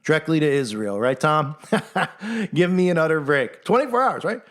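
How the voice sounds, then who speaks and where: Sarcastic male commentator, fairly high voice, animated monologue. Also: fairly quick. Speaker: online commentator.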